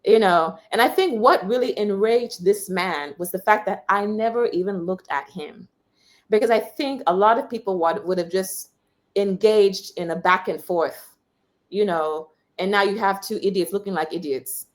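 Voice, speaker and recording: Animated young woman telling a story. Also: medium pitch, moderate pace. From United States. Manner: animated storyteller, quotes others with raised voice. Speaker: interview guest, journalist. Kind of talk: candid conversational storytelling.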